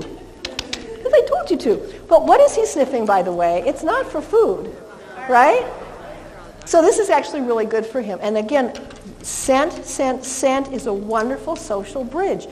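A woman's voice: fairly high pitch, a little hiss or hum. Chatty woman dog trainer in a reverberant hall. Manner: chatty, animated, praises the dog in a soft coo. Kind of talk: live class instruction.

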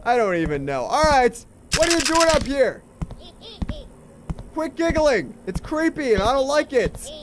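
A man's voice: extremely high pitch, lively intonation, unhurried, pauses often, slight background noise. A young man hosting a let's play, giving sarcastic, jittery play-by-play of a horror game. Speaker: gaming channel host.

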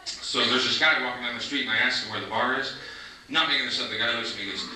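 A man doing a stand-up comedy set on a club stage, telling stories in a deadpan way and slipping into mock voices for other people. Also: mid-range voice, racing. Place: comedy club stage before a live audience. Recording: echoey 1990s club recording from a distance, noisy. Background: audience laughter.

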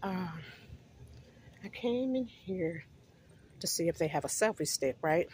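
A woman's voice: fairly low pitch, lively intonation, a little slow, a little mellow, a little hiss or hum. A woman vlogging on a handheld phone, chatty and affectionate toward her viewers, out of breath from walking outdoors and then through a store. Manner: chatty, affectionate, addresses viewers as you guys. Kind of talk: casual vlog chat to viewers. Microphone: phone held in hand.

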